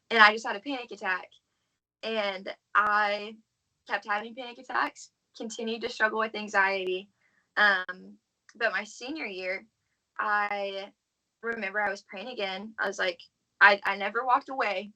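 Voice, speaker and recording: This podcast guest, a young woman from the southern United States, gives an earnest and heartfelt personal faith testimony, her casual talk thick with "like." The recording is rough, and her medium-pitched voice comes across pushed and bright, fairly even in intonation and moderately paced.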